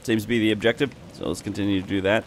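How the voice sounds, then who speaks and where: A man's voice: lowish voice, fairly even intonation, very fast, a little hiss or hum. A young man giving wry, chatty commentary over a game he is playing, talking back to the characters on screen. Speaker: gameplay commentator. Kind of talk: let's play commentary.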